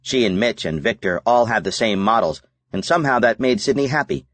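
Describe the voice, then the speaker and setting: Low-voiced man narrating an audiobook. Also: no echo. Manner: measured, even reading. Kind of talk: scripted narration.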